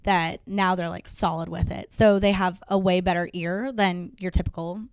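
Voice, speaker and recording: A woman's voice: fairly even intonation, moderate pace, clean tone, no room sound. A young woman dog trainer talking in a casual interview, upbeat and filling her speech with "like". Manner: upbeat, uses "like" a lot, acts out dogs and owners in higher voices.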